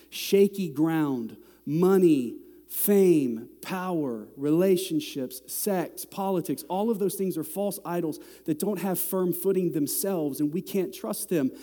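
A middle-aged man preaching a sermon to a congregation, talking in a conversational way that climbs to loud, exasperated peaks. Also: a little high. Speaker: pastor. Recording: long hall reverb.

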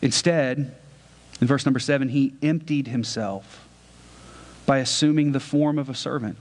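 A man's voice: mid-range voice, flat delivery, brisk, big-room sound. A pastor delivering a sermon in an earnest preaching manner, putting questions to his congregation.

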